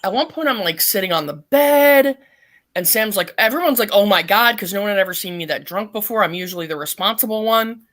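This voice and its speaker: A middle-aged woman, a podcast guest, telling a long story in a blunt, profane and animated way. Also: medium pitch, brisk. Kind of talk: casual storytelling.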